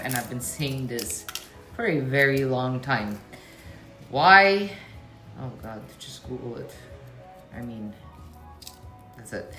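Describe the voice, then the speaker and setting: Her voice is very deep yet fairly bright as she hosts a relaxed cooking demo from the stove, talking directly to her audience with candid asides. A sizzling pan, stirring and clicking sounds come through clearly behind her.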